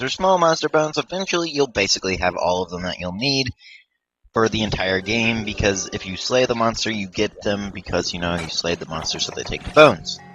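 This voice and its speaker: A man with a fairly low voice talks casually over his own gameplay, rambling and joking at his own expense with plenty of fillers. Game music plays clearly underneath him the whole time. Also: pushed and bright, rough recording. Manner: rambling, self-deprecating, frequent fillers and restarts. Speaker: let's play commentator.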